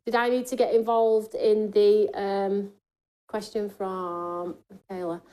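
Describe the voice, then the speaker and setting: A woman hosting a live craft shopping show, chatty and jokey as she pitches deals and reads viewer comments. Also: little pitch movement, slow pace, mellow.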